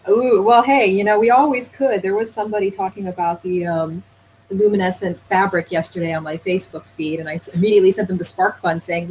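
A woman co-host on a casual podcast, teasing her partner and laughing easily. Her voice is mid-pitched. A faint hiss sits under the recording. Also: steady tone, fast, a little mellow, rough recording. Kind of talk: casual chat.

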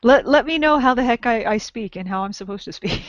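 A woman's voice: on the high side, expressive, brisk, no room sound. A woman from Southern California co-hosting a podcast in casual chat, laughing often and drawing out her vowels. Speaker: podcast co-host. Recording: dull lo-fi dry audio.

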